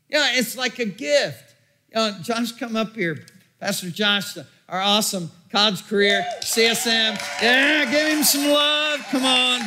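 A man preaching a sermon as pastor, emphatic and repetitive, breaking into shouts. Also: extremely high pitch, measured pace.

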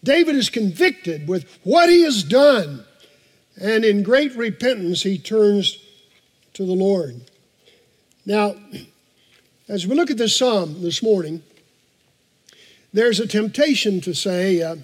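A man with a high-pitched voice preaches a morning sermon from the pulpit, earnest and emphatic. He repeats his key phrases for weight and breaks off into casual asides to the congregation. His voice carries a long reverb through a large church hall. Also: expressive, slow pace, long pauses. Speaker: pastor. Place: church sanctuary.

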